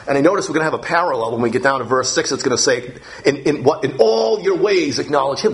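A man preaching a sermon with a somewhat high voice. He is earnest and keeps repeating phrases, and his voice climbs on the words he wants to stress. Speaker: pastor.

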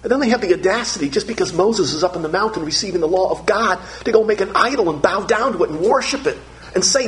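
An earnest male pastor preaching a sermon, pressing his points with emphasis and repeating words as he goes. His voice sits a bit high. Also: animated, quick pace, a bit bright.

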